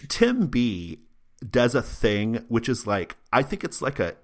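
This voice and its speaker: Animated, laughing male podcast host. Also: medium pitch, takes it slowly, slight background noise. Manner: laughs often, animated and rambling. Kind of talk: casual chat.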